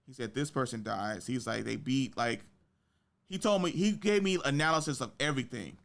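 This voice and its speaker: A man's voice: normal speed, vocal fry. A young man hosting a podcast, telling stories in casual chat with slang and profanity. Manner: animated storytelling with big pitch jumps in quoted reactions. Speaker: podcast host.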